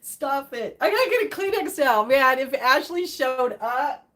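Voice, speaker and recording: A middle-aged woman live streaming in casual chat, reading and reacting to viewer comments, emotional and quick to laugh. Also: high voice, expressive, bright, forceful tone.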